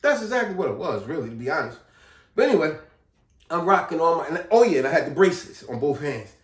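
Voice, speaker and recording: A man vlogging, telling a personal story in a casual, slangy, animated way. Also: on the high side, quick pace. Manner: animated, slangy, repeats himself. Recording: echoey room, distant mic.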